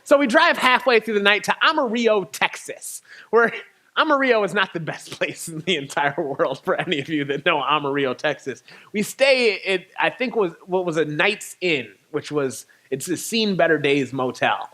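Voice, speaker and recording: A man, a poet, telling a candid personal story in a spoken talk, animated and laughing now and then between lines. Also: high-pitched, moderate pace. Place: church venue.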